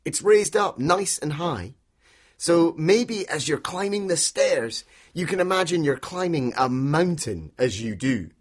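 A man's voice: a little high, lively intonation, unhurried, breathy edge. A man, telling an interactive children's story and inviting listeners to join in. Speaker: storyteller guide for a children's walk.

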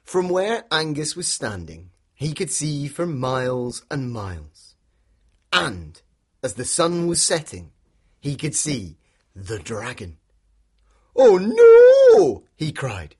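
A man's voice: mid-range voice, big pitch swings, slow, slightly rough. A man, telling an interactive children's story and inviting listeners to join in. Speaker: storyteller guide for a children's walk.

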